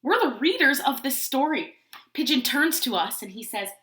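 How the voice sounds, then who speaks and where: A preschool teacher reads a picture book aloud to young children, stopping often to ask them questions. Her voice is high and bright with lively swings in pitch. The room adds a noticeable echo. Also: normal speed. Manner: animated, asks children questions. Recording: roomy echo.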